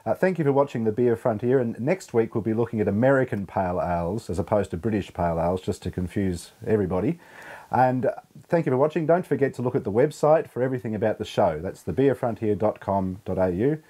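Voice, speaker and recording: A man co-hosting a beer show, describing beers in a relaxed way with hesitant fillers. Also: on the low side, quick pace, slightly rough. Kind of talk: casual beer tasting chat.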